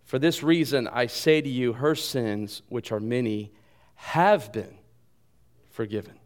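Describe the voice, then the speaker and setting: Animated preacher man with wide swings. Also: medium pitch, slow. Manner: animated, jokes at himself, drops to soft voice for quotes. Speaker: pastor. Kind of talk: sermon.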